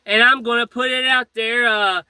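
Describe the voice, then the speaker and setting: A man's voice: extremely high pitch, fairly even intonation, moderate pace, bright, forceful tone, smooth, no room sound. A man earnestly telling a rambling personal story about his faith, with frequent fillers and restarts. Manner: speech full of fillers and restarts. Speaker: storyteller recounting a personal experience. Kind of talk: casual spoken testimony.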